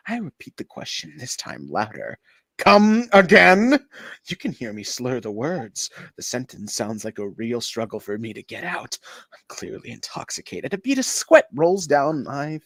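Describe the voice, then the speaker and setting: Gravelly man doing theatrical readings. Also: lowish voice, dry recording. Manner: over-the-top theatrical, shifts between yelling and hushed narration. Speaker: podcast co-host. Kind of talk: dramatic reading of online posts.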